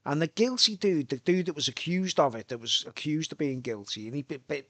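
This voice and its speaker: A man's voice: fairly high pitch, animated, a little fast, pushed and bright, no room sound. A man chatting casually on a live stream, rambling and chuckling between thoughts.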